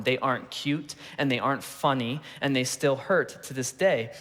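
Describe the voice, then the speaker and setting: A man's voice: mid-range voice, a bit bright. A man in his thirties preaching a sermon, telling stories with playful asides and acting out the voices of the people in them. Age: 30s. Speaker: pastor. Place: large church auditorium. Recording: long reverb of a large church hall.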